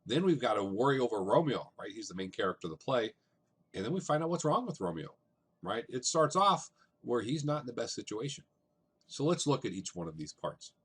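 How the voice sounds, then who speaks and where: A man giving a relaxed, conversational lesson on a play, talking students through it with frequent "um"s and "right?"s. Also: medium pitch, fairly quick, breathy edge. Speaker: teacher. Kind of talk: classroom lecture on a play.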